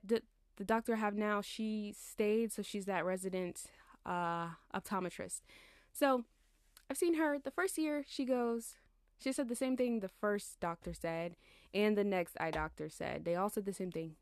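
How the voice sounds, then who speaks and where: A tired woman in her twenties talks through a loose, rambling monologue, slangy and quick to laugh at herself. Her voice sits at an ordinary middle pitch. It is recorded close up in a dry, dead room. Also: clean tone, dry recording. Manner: chatty, laughs and digresses, slangy. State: tired, yawning. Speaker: podcast host.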